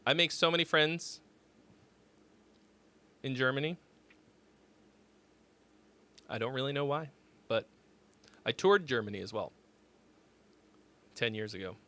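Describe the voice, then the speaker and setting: A man in his forties hosts a music critique livestream in a loose, rambling chat. His voice is bright and ringing, and his pitch jumps around a lot. He swears freely and often cuts himself off mid-sentence. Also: lively intonation, a little slow, long pauses. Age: 40s. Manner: rambling, profane, self-interrupting. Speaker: host of a song critique livestream.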